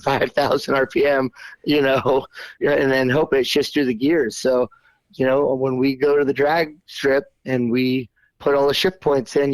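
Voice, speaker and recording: A man's voice: mid-range voice, no room sound, poor audio. A man guesting on a podcast as a race champion, answering easygoingly with lots of fillers and laughs. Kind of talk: casual interview answers.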